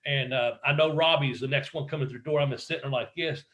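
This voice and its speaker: A former wrestler telling stories in a casual interview, swearing freely and acting out what other people said. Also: male voice, mid-range voice, fast talker. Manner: profane, animated storyteller acting out quotes. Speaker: guest, former pro wrestler.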